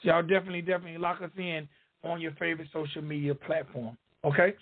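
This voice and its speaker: High-voiced Southern man hosting, phone-thin. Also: fairly even intonation, fast, husky, narrow, tinny audio. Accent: Southern US drawl. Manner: emphatic, repetitive promo patter. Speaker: radio show host. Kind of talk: hyped-up podcast interview hosting.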